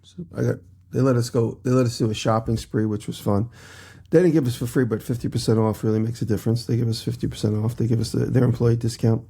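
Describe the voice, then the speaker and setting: A man's voice: medium pitch, steady tone, creaky, warm tone, husky. A man who is a little run down, chatting casually as a podcast co-host and recounting a busy week one event after another. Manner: quick travel recap, listing one event after another. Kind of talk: casual chat.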